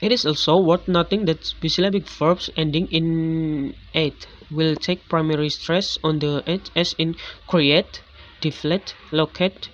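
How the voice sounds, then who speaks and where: Halting man reading a stress lesson. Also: a little high. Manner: halting, with frequent restarts on words. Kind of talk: reading a lecture on English word stress. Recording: dull lo-fi recording.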